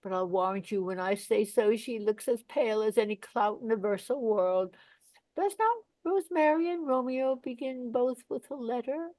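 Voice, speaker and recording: A woman's voice: on the high side, normal speed, a little mellow, no echo, lightly acted. A woman reading the part of an old, chattering female nurse, rambling and complaining with big swings in volume, in a Shakespeare play reading. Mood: chatty.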